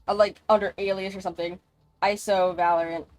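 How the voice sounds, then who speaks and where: A woman's voice: medium pitch, level tone, brisk, darkish tone, no echo. A woman streaming a game live, chatting in a rambling, casual way and swearing freely. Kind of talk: casual gaming livestream chat.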